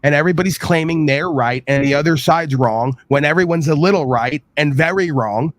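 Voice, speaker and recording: A man on a livestream lectures with scorn, his fairly high voice stacking insult after insult. The sound is dry and close to the mic, with no room around it. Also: a little fast, no room sound. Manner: lecturing, scornful, piles up long lists of insults; mocking quoted voices in a high sing-song. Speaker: streamer host. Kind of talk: heated argument on a livestream.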